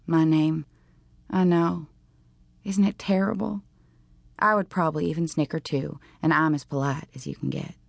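A woman reads a teen novel aloud in the first person, with a low, gravelly voice. Her delivery is dry and deliberate with a wry edge, and the recording is close and dry with no room sound. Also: no echo. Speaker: audiobook narrator.

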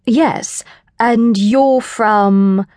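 A woman's voice: fairly high pitch, drawn-out words, darkish tone, no room sound, clean studio sound. A woman voicing a charming young man with an English accent, speaking politely and with a smile, read as an audiobook character. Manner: polite, smiling.

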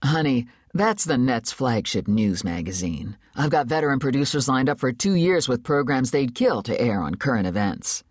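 A woman doing a raspy, barking news boss. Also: very deep voice, sing-song, normal speed, few pauses, a little mellow, no echo, clean studio sound, exaggerated voice. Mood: scornful. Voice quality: raspy alto. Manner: barking, curt. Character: powerful, impatient older woman news executive.

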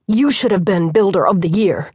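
A woman's voice: mid-range voice, lively intonation, normal speed, darkish tone, slightly rough, dry recording. A woman narrator voicing an earnest, worn-out young man who manages a building site. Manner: earnest, weary. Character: tired, loyal young male site manager.

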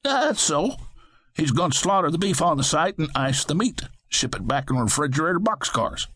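A man voicing an excitable young male frontier rancher in an audiobook western. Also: normal speed, husky, dry recording, full character voice. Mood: excited. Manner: excitable, high-pitched storytelling.

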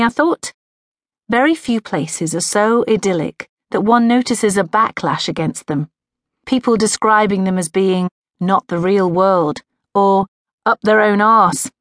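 A woman's voice: mid-range voice, dry recording, clean studio sound. A woman narrating a first-person audiobook in a wry, sardonic inner-monologue manner. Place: recording studio.

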